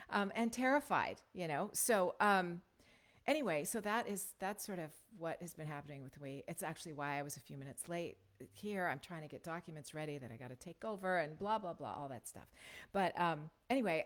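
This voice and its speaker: A middle-aged woman, a voiceover coach, talking to a live class in a chatty, rambling way and often checking in with "right?", on a shotgun studio microphone at a home computer setup. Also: lowish voice. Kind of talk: casual livestream teaching chat.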